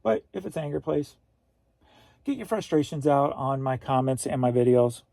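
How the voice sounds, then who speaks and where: A man's voice: mid-range voice, expressive, moderate pace, gravelly, mellow, no echo. Laid-back man chatting about reselling. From Missouri, USA. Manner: rambling, easygoing, reads viewer comments aloud. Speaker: host. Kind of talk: casual livestream chat.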